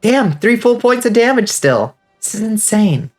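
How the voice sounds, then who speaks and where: A man with a congested, stuffy voice giving casual, excitable commentary while playing a game and reading chat. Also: high voice, unhurried, soft background music. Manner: excitable, swears freely, reads out chat. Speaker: streamer.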